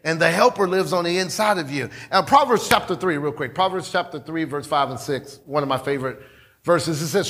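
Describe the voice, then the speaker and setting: A pastor preaching a sermon in a church, talking conversationally, repeating himself and calling on the congregation. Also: male voice, a little high, brisk, a bit bright. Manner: conversational, repetitive, calls on the congregation.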